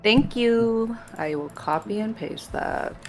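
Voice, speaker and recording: A woman playing in an online tabletop game, asking slow, careful questions. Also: fairly high pitch, soft background music. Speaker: player. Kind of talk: casual tabletop game chat.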